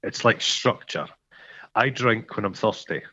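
A man's voice: fairly low pitch, lively intonation, measured pace, sharp tone. A Scottish man co-hosting a casual podcast, teasing his friend and telling stories with mock grandeur. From Scotland. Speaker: podcast co-host. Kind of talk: casual chat. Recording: dull lo-fi sound.

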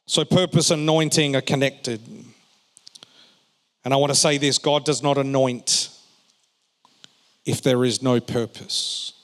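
A male pastor preaching a sermon, swinging between emphatic raised phrases and quiet, joking asides to the congregation. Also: medium pitch, fairly even intonation, a little slow, long pauses. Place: church hall. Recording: long reverb of a large hall.

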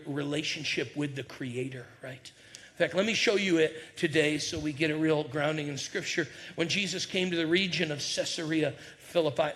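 A male pastor preaching a sermon with energetic call-and-response to his congregation. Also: on the high side. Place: church sanctuary.

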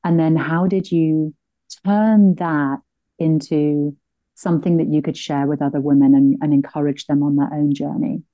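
A middle-aged woman hosting an interview, an animated storyteller who laughs often and acts out the people she quotes. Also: deep voice, normal speed, no room sound, highs cut off. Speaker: podcast host. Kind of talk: conversational interview.

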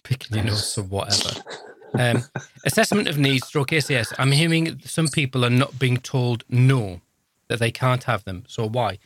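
A man's voice: mid-range voice, moderate pace, a bit bright, a little hiss or hum. A man in his fifties co-hosting a podcast, chatting casually in a jokey, rambling, self-deprecating way. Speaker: podcast co-host, social worker. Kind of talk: casual chat.

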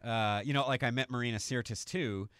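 A man's voice: mid-range voice, fairly even intonation, a little fast, a bit bright, clear, resonant tone, no echo, clean studio sound. A man from Canada hosting a casual chat, talking easily with many fillers. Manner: chatty, many fillers and laughs. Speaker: podcast host.

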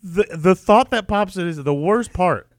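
A man with a fairly high, widely swinging voice chats casually as a podcast co-host. He tells stories with animated energy and swears freely, recorded in a radio studio with a close, dry sound. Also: moderate pace, no room sound. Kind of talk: casual chat.

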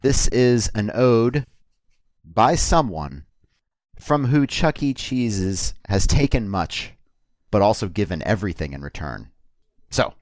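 A man hosting a comedy podcast with a dry, low-key delivery. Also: big pitch swings, slow pace, darkish tone, no room sound.

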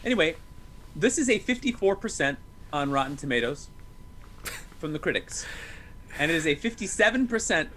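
Bright-voiced, animated male podcast host. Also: on the high side, moderate pace, pauses often, a little hiss or hum. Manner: jokey, animated, self-interrupting. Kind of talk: casual movie-review chat.

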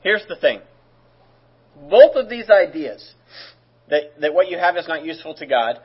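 A male pastor delivers a sermon in a relaxed, conversational manner and drops in joking asides. His voice sits a little high and has a husky edge. The recording sounds somewhat dull and lo-fi. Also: moderate pace, long pauses.

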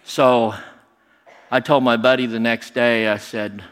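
A middle-aged man telling a personal story in a lively, animated way, acting out other people's lines. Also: medium pitch, unhurried. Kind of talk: personal story told to an audience. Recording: long hall reverb.

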